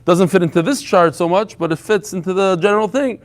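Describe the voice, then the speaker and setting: A man leading a live Talmud class before a small audience, telling stories in a lively way and mixing in Hebrew and Yiddish terms. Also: sits high, a little fast. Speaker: Talmud teacher.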